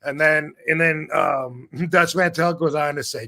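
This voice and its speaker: Man, fifties, podcast host, blunt, rambling, animated storytelling, higher-pitched voice, video call. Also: measured pace, gravelly, hardly any pauses. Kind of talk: casual chat.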